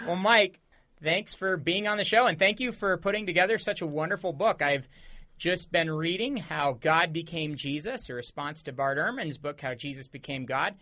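A male radio host greets and thanks his guest with eager enthusiasm. His voice is bright and forceful, pitched a bit high for a man, and he leans into his words with keen energy. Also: moderate pace. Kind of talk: radio interview hosting.

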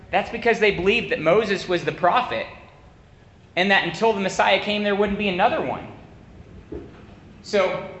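A man preaching a sermon, energetic and often asking his listeners "right?". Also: sits high. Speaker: campus minister preaching. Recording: echoey room, slightly dull sound.

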